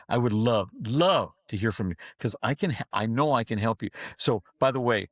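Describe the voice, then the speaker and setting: A man's voice: medium pitch, lively intonation, normal speed, hardly any pauses, no echo, studio quality. A man who coaches and speaks to dentists, telling stories in a podcast interview with an emphatic, preacher-like cadence and acting out the voices of the people in his stories.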